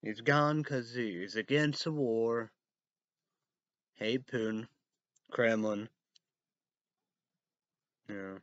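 A man reading news headlines aloud and ranting about them in a rambling, casual way, breaking into loud outbursts and cursing. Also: mid-range voice, no room sound, muffled recording. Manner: reads headlines slowly, then rants loudly with cursing.

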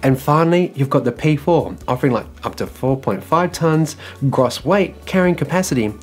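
Faint music plays behind this EV news host, an Australian man whose voice runs on the high side, expressive and moderately paced. He delivers his script in a relaxed, casual manner, padding pauses with "well" and "like."

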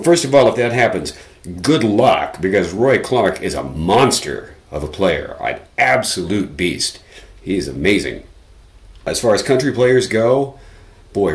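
A man's voice: low-pitched, roomy sound. A man hosting a casual guitar amp tutorial, chatty and self-correcting with dry little asides. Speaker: guitar lesson host.

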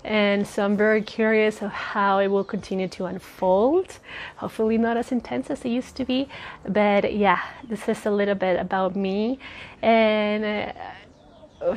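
A woman's voice: mid-range voice, fairly even intonation, measured pace. Earnest woman in her thirties with a slight lisp. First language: Spanish. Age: 30s. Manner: earnest, rambling, laughs often. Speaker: spiritual vlogger. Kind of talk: casual personal talk. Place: outdoors near a road. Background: passing cars.

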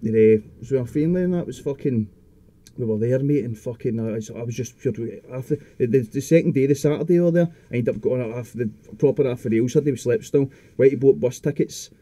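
Scottish guy, young adult, rapid rambling storyteller, very dark voice, swears a lot. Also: medium pitch, no echo. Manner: rambling, heavy swearing, frequent restarts. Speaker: podcast guest. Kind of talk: casual chat.

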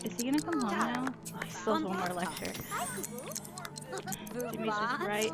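Excitable high-voiced woman playing a game. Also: moderate pace, pauses often, loud music behind the voice. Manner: excitable, urging her characters on. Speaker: let's play host. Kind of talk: casual gameplay commentary. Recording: noticeable background noise.

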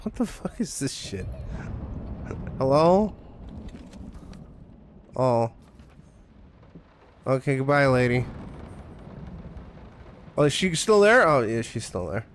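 A man's voice: medium pitch, big pitch swings, slow, pauses often, a little hiss or hum. A young man streaming a horror game, joking, sarcastic and profane. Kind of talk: profane let's play commentary.

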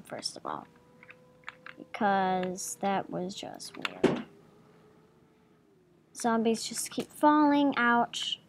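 A woman's voice: mid-range voice, a little mellow, slight background noise. A woman hosting a gaming channel, giving playful, giggly gameplay commentary at her home computer and chatting to the game's creatures.

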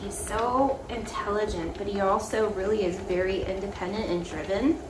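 A young woman vlogger talking fondly to her dogs at home, praising them softly and laughing often as they walk on a treadmill. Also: mid-range voice, moderate pace, echoey room. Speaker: vlogger and dog owner. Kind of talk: casual chat. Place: indoors at home beside a running treadmill. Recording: steady treadmill motor noise behind.

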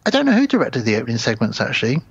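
A man's voice: medium pitch, wildly swooping pitch, racing, vocal fry, breathy edge, muffled recording. A man co-hosting a podcast, chatting casually about films and recounting scenes as he goes. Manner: rambling, recounts scenes and acts out quotes. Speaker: podcast co-host. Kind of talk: casual film chat.

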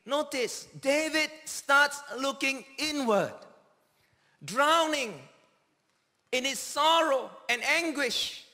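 A man preaches a sermon in a very high, bright voice. He takes his time, leaning on each phrase and calling out quoted cries with dramatic force. His words ring out with the long reverb of a large church hall. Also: lively intonation, takes it slowly. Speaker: pastor.

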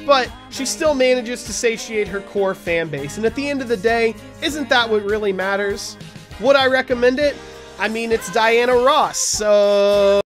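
A man's voice: high voice, a bit bright. A man hosting a weekly music review show, reading scripted album verdicts in a wry, blunt way.

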